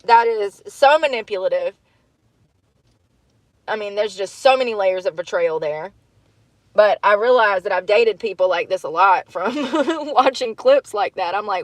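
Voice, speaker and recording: A woman's voice: medium pitch, unhurried, no room sound. A woman, livestreaming casual chat from a parked car, rambling and candid and laughing often. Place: parked car in a parking lot.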